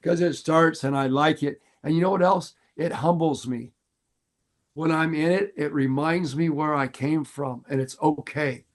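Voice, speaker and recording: A middle-aged man, a fishing guide, talking earnestly and warmly on a podcast, repeating phrases for emphasis. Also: a little high, unhurried. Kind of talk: casual podcast talk.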